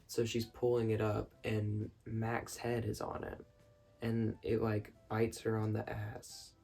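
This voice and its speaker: A man rambling excitedly about a film in his bedroom at night, breaking off with quick apologies. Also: fairly low pitch, vocal fry, slightly rough, faint music behind. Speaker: vlogger reviewing a film. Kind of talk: rambling casual monologue.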